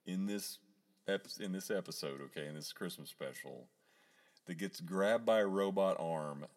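A man co-hosting a podcast, chatting casually and laughing often as he retells a cartoon with animated energy. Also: sits low, moderate pace. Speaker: podcast co-host. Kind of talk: casual chat.

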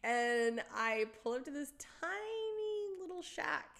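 A middle-aged woman spinning a personal story in a relaxed podcast chat. Her voice sits a little high, and she is animated, slipping into quoted voices, laughing easily and swearing casually. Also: slow, creaky.

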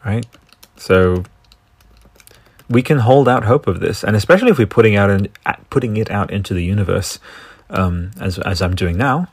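A man's voice: on the low side, animated, normal speed, slightly rough, no echo. An Australian man hosting a solo podcast, rambling enthusiastically and swearing often. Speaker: podcast host. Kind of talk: casual solo podcast riffing.

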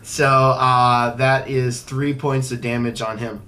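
Relaxed man playing a tabletop game. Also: mid-range voice, slow pace. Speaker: player. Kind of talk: casual tabletop play.

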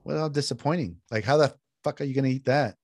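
A middle-aged man from California chatting casually as a podcast host, telling stories with big swings in pitch and cursing when annoyed. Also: quick pace, vocal fry, no echo, clean studio sound. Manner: animated storyteller, swears freely, jumps in pitch when riled up. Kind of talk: casual chat.

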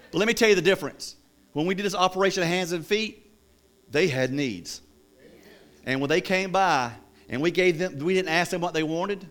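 A male preacher giving a sermon in an animated, storytelling style with jokes. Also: sits high, normal speed.

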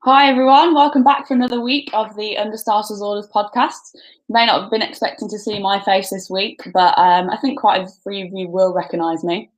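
Brummie woman, podcast host, friendly and chatty, mid-pitched voice. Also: fairly even intonation, poor audio. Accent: Birmingham. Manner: friendly, chatty, reads out odds deliberately. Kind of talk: casual podcast hosting.

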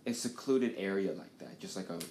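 Here a male podcast host spins a rambling, casual tale packed with profanity, speaking fairly quickly in a low, somewhat dark voice. The sound bounces around an echoey room with slight noise underneath.

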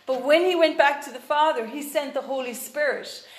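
A woman's voice: high-pitched, moderate pace, reverberant. A woman preaching a sermon in an earnest way, with frequent fillers and restarts.

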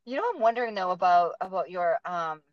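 A woman's voice: on the low side, brisk, no room sound, muffled recording. A woman with a Boston accent hosting a casual interview, talking chattily with lots of fillers. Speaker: podcast host.

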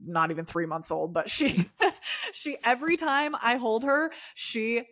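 A woman's voice: on the high side, very animated, unhurried, a bit bright. A young woman co-hosting a podcast, bubbly and enthusiastic in casual chat. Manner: bubbly, enthusiastic, laughs often. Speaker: podcast co-host.

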